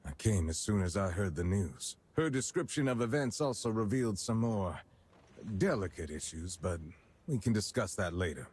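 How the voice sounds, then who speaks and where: A seasoned game commander with a low, husky voice. He gives orders in a steady, dry way. This is cutscene voice acting. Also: normal speed. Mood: calm.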